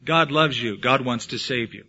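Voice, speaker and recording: A man preaching a sermon as pastor, swinging from loud emphatic lines to hushed ones. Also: medium pitch, normal speed. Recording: dull lo-fi sound.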